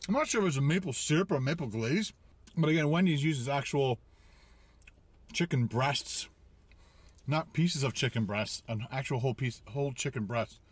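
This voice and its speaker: A man's voice: medium pitch, expressive, moderate pace, husky, no room sound. A middle-aged man reviewing sandwiches in his car, chatting casually while chewing and talking with his mouth full. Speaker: food reviewer. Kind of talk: casual food review vlog.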